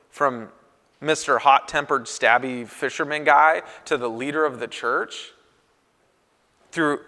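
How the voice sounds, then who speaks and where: A man, a pastor, giving an animated conference talk to church leaders and acting out quoted voices with sudden pitch jumps. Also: in a large hall.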